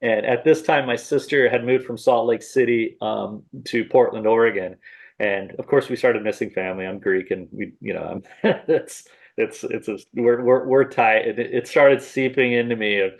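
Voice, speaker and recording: A man's voice: mid-range voice, moderate pace, gravelly. Middle-aged man telling stories with a chuckle. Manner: animated storyteller who acts out his own remarks, laughs often. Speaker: podcast guest, salami maker. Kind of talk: casual storytelling interview.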